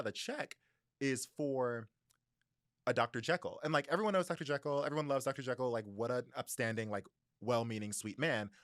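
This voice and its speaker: A young man co-hosting a book podcast, retelling a story in a lively, chatty way with quick asides and little voices for the people in it. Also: mid-range voice, no room sound, studio quality. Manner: animated storytelling with voices and laughs. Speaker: podcast co-host. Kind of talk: casual book-club chat.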